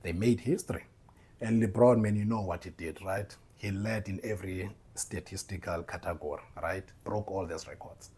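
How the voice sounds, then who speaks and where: A man hosting a motivational faith podcast, talking to listeners as "bro" and "man" and bursting into loud laughter. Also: sits low, normal speed, husky. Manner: tags lines with "bro", "man" and "right?". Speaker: podcast host.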